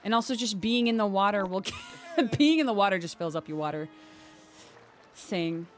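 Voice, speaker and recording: A woman's voice: medium pitch, animated, normal speed. A woman hosting a gaming channel, giving playful let's-play commentary with giggly, jokey asides.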